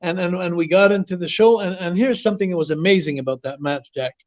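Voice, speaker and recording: A man from Quebec, telling animated stories as an interview guest, often repeating and restarting words. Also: high voice, fast. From Quebec, Canada. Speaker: interview guest, former wrestler. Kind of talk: casual storytelling interview. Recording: dull lo-fi audio.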